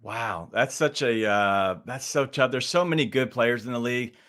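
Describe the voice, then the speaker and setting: A man on a sports betting panel who gives his picks in a measured, thoughtful way. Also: medium pitch, a bit bright. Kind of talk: sports betting show chat.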